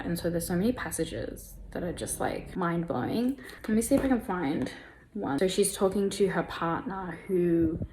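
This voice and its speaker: A woman's voice: on the low side, darkish tone, slight background noise. A young woman from Tasmania with an Australian accent, chatting casually about books in a vlog, full of fillers like "like" and "you know". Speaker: book vlogger. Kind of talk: casual reading vlog chat.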